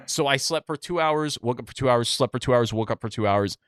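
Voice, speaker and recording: Brief: male podcast co-host, lively up-and-down storytelling, dry close sound. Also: medium pitch, fast talker, hardly any pauses, smooth, dry recording. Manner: animated rambling storyteller with many restarts. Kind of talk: casual chat.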